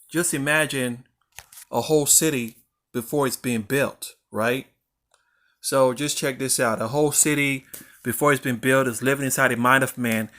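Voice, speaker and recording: A man's voice: medium pitch, a bit bright. A man with a mid-range voice talks through a motivational vlog monologue. He rambles, circles back and repeats words to drive a point home, and swears casually along the way. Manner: rambling, repeats himself for emphasis. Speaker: vlogger.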